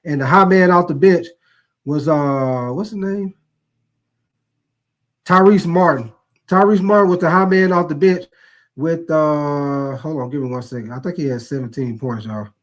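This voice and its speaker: Profane stories that crack him up, viewer comments read aloud, and loose joking fill this middle-aged man's casual live-streamed sports talk show. He talks at a moderate pace in a voice on the high side.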